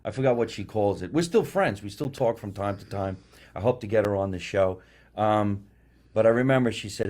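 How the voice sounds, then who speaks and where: Low-voiced New man telling stories. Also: a little fast. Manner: animated storyteller, acts out quotes. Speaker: podcast host. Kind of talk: casual comedy chat.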